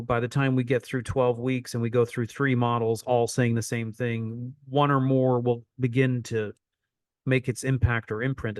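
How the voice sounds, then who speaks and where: A man's voice: medium pitch, dry recording, clean studio sound. A man coaching an online teaching session, repeating phrases for emphasis as he explains.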